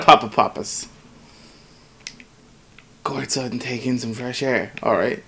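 A man's voice: medium pitch, expressive, a little slow, pauses often, a bit bright, a little hiss or hum. Sweary man playing a game. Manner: sweary, jokey, reads game text aloud. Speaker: gameplay commentator. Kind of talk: casual let's play commentary.

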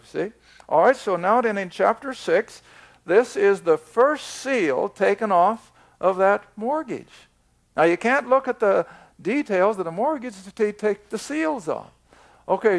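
An older man teaching a Bible study in a slow, emphatic way, drawing out his words. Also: high-pitched, gravelly.

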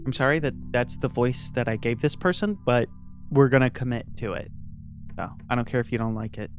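A man's voice: medium pitch, a little fast, faint music behind. A man giving casual, sarcastic let's-play commentary on a game, reacting with jokes and sudden exclamations. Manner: sarcastic, jokey, animated reactions. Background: faint game soundtrack.

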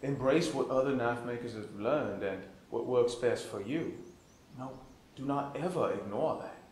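A man's voice: mid-range voice, measured pace, darkish tone, echoey room, a little hiss or hum, natural voice. A man voicing the stern, grandfatherly ghost of an old-time woodsman, with a put-on old-fashioned accent, lecturing and calling the listener "dear boy".

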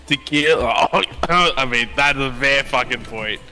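A man's voice: medium pitch, a little slow, loud music behind the voice, natural voice. A man voicing a laid-back Australian bartender in a game roleplay, swearing casually and saying mate constantly.

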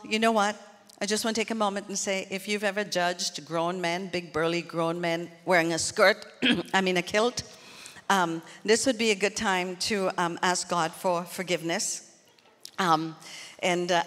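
This woman preaches on the low side of her range, in a flat, fairly bright voice at a moderate pace. As a pastor in a church hall, she is earnest and conversational, turning often to the congregation with asides, and the sound carries a long hall reverb.

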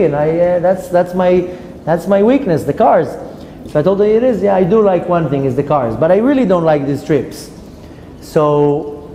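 A man, a rabbi giving a Torah class, telling stories in an animated way with many restarts. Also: a little high. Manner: storytelling, animated, frequent restarts. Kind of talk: Torah class talk with anecdotes. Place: classroom at a women's institute. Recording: roomy hall with faint ambient noise.

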